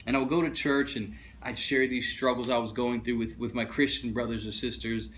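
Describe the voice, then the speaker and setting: A man preaching a funny, conversational sermon. He is an animated storyteller who slips into other people's voices as he tells the story. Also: medium pitch, fairly quick. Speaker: pastor. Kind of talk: funny sermon with acted bits.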